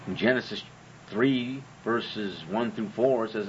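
A man's voice: on the low side, a little slow, slight background noise. Man, host, sarcastic profane monologue, dull audio. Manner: sarcastic and profane, uses rhetorical questions. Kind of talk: comedic monologue on religion.

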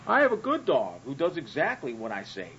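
A man's voice: mid-range voice, huge pitch swings, brisk, fairly bright tone, muffled recording, slight background noise. Man as a smug, trusting dog owner, own voice.

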